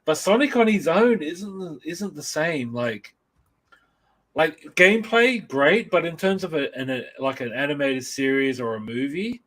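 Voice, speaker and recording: A man's voice: a little high, expressive, measured pace, fairly bright tone. A man co-hosting a casual chat about comics and films, rambling and enthusiastic with many restarts. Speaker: podcast co-host.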